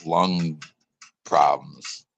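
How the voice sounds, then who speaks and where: A man's voice: very deep voice, fairly even intonation, extremely slow, creaky, poor audio. A man hosting a live podcast, chatting easily and joking about sports. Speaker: podcast host. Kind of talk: casual live-stream chat.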